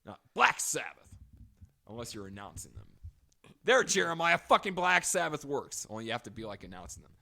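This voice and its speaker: A man co-hosting a casual podcast, telling stories in a lively, swooping voice. He swears freely and laughs a lot. His pitch sits in the middle of the range but jumps around constantly. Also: brisk, creaky. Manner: animated storytelling, swearing, laughing often. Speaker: podcast co-host. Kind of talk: casual chat.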